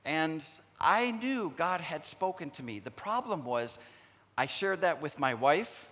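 A middle-aged preacher with a slightly high voice delivers an earnest sermon, mixing stories with scripture. He often pauses and restarts, acting out remembered conversations. His voice rings with the long reverb of a large hall. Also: lively intonation, a bit bright. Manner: storytelling, acts out remembered dialogue.

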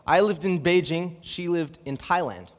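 A young man preaching a sermon, reading scripture and telling a personal story, with lively rhetorical questions. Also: fairly high pitch, normal speed. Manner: animated, asks rhetorical questions, reads scripture aloud. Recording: long hall reverb.

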